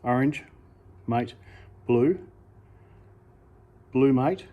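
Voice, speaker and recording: An Australian man casually talking through a hands-on how-to demonstration, relaxed and unhurried, stopping now and then to correct himself. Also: medium pitch. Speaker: amateur radio hobbyist.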